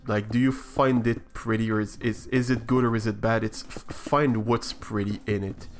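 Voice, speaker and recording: A man's voice: lowish voice, steady tone, moderate pace, faint music behind. A man streaming a building game, talking over his play in a hesitant, reflective way with many restarts. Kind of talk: casual live-stream chat while building.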